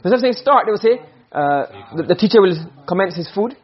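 A man's voice: high voice, animated, fast, highs cut off. A man teaching a classroom lesson, explaining point by point and often checking whether the students follow. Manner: explains with repeated questions to students.

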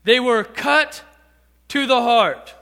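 A man preaching a sermon as pastor, dramatic, acting out quotes and rising to shouts. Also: very high-pitched, slow, gravelly. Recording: long reverb of a large hall.

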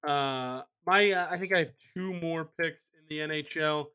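Bright smooth guy hosting a chat show, keeps it moving, kinda high. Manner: brisk, moves the show along. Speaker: podcast host running the picks. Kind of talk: casual podcast banter.

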